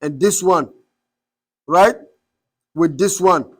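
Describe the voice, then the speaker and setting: Man, high voice, classroom teacher, asks questions over and over. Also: slow pace. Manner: quizzing the class with repeated questions. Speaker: Arabic teacher.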